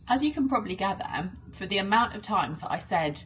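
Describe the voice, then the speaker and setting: A woman's voice: deep voice, fairly quick, bright, forceful tone, a little hiss or hum, poor audio. A young woman talking to camera in a casual vlog, emotional and rambling, with lots of fillers. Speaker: vlogger and podcast host.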